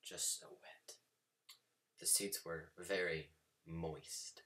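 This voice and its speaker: A man's voice: low-pitched, steady tone, very slow, bright, forceful tone. A man telling a rambling story in a casual vlog, full of fillers and sudden whispered asides. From United States. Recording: voice a bit far from the mic, faint background noise.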